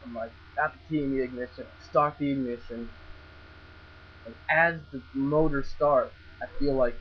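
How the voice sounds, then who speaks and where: This vlogger is a young man with a slightly rough, mid-range voice, fairly even intonation and a moderate pace. He tells a story casually, stumbling, starting over and cursing freely, on a dull lo-fi recording with faint mains hum.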